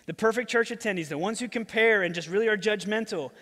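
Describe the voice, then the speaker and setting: Pastor, male, high voice, casual storytelling sermon, church hall reverb. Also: quick pace, a bit bright.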